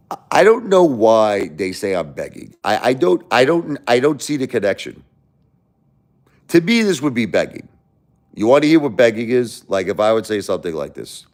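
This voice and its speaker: Animated, indignant man ranting. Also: lowish voice, moderate pace, long pauses. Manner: animated, indignant, rambling with restarts. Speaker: livestream host. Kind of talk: casual live-stream rant.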